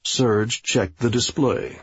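Slow, husky male audiobook narrator. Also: medium pitch, no echo. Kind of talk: scripted narration. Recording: slightly dull, dry audio.

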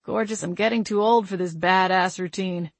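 A woman's voice: medium pitch, fairly even intonation, moderate pace, no echo, close to an everyday voice. Woman voicing a weary, protective young man.

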